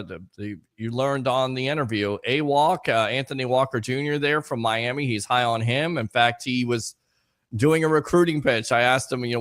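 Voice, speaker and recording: Hyped, fast-talking male sports show host. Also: medium pitch, fairly bright tone, no echo, clean studio sound. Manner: hyped, quick and emphatic. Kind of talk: casual sports talk.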